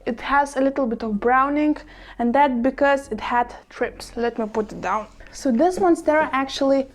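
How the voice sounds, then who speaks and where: A woman's voice: sits high, moderate pace. A woman vlogging casually at home, gushing and giggling as she shows off her plants, speaking English as a second language with small slips. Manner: bubbly and gushing, giggles often, apologetic asides. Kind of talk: casual show-and-tell vlog.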